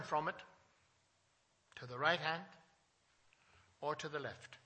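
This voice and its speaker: A male pastor preaching a Sunday sermon to his small congregation, reading scripture with emphasis and asking questions, swinging from loud to soft. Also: fairly high pitch, unhurried, long pauses.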